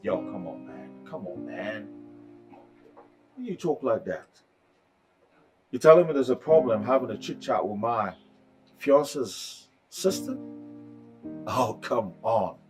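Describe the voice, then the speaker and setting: A man's voice: mid-range voice, very animated, slow pace, long pauses. Chill returnee dude, says come on man a lot, echoey, far mic. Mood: defensive. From United States. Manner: laid-back, says "come on, man", exasperated. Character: young man back from abroad, easygoing, caught between women. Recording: echoey room, mic far off, soft music.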